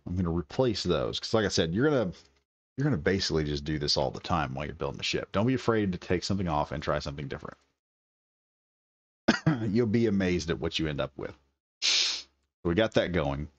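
A man's voice: deep voice, fairly bright tone, slightly rough, no room sound. A man giving casual, enthusiastic gameplay commentary, thinking aloud as he builds. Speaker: gaming video creator.

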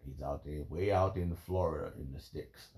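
A man with a low, gravelly, dark voice talks through a rambling spiritual monologue. He sounds emotional, as if holding back tears, and his loose, halting phrases keep circling back to "man" and "bro".

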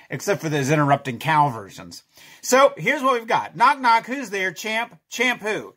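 A man's voice: fairly high pitch, pushed and bright. A middle-aged man chatting casually through a drawing tutorial, self-deprecating and chuckling as he goes. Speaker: children's author drawing a comic.

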